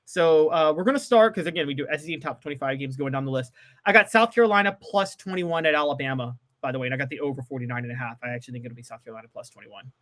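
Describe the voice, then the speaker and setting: A man runs through his picks at a clipped, rapid pace, his tone bright and forward. He has the polished, upbeat delivery of someone trained in broadcasting, chatting casually on a sports podcast. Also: a little high. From American South. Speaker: co-host giving betting picks.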